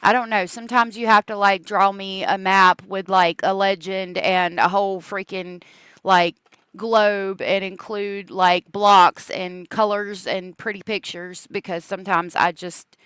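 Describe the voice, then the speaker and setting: A woman chats slowly and casually on a livestream. She greets viewers by name and laughs easily. Her voice is smooth and clear, with a dry, close sound. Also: medium pitch, fairly even intonation, fairly bright tone, no echo. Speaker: true crime livestream host.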